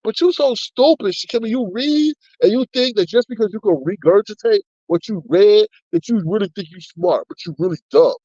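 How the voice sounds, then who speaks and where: A man's voice: sits high, animated, normal speed, hardly any pauses, dark tone, dry recording, highs cut off. A man hosting a casual commentary stream, talking bluntly and profanely as he rants and reads chat comments aloud. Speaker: commentary channel host. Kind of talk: casual commentary on online drama.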